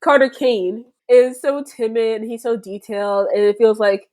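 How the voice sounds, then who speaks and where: Lively laughing woman podcast guest. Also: a little high, unhurried. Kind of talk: casual book-club chat.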